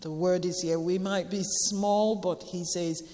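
A woman in her forties sharing an emotional personal testimony with a church gathering, halting and tearful, repeating phrases for emphasis. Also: lowish voice, fairly even intonation, dark tone, in a large hall.

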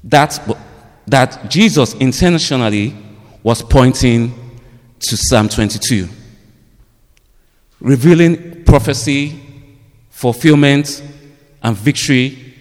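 A man preaching a sermon, halting with fillers at first, then rising to emphatic points. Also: mid-range voice. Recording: long hall reverb.

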